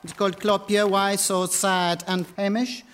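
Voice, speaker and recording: A halting foreign playwright. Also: male voice, sits high, little pitch movement, a bit bright, slight background noise. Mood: earnest. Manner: halting, broken English phrasing. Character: earnest male foreign playwright, clumsy English. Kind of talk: radio comedy acting.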